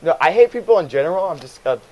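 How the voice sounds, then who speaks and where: Profane ranting young man, high-pitched. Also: big pitch swings, fast talker. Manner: swears constantly, mimics customers in high voices. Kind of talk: profane casual rant.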